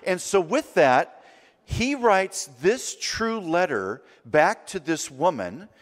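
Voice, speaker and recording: A man's voice: high voice, big pitch swings, slow pace. A middle-aged man from Southern California preaching a sermon as a guest speaker. He tells stories and acts out the voices in them. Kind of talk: storytelling sermon. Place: church sanctuary. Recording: long reverb of a large church hall.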